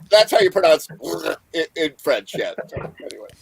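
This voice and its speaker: A man's voice: high voice, big pitch swings, measured pace, vocal fry, crowd noise. A man hosting a casual show, rambling and joking between laughs. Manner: rambling, jokey, laughs often.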